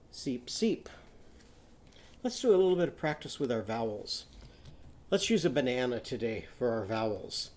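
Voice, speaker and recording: A man teaching young children a phonics lesson, patiently prompting them to repeat after him and sounding out words slowly. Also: a little high, warm tone. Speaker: literacy teacher.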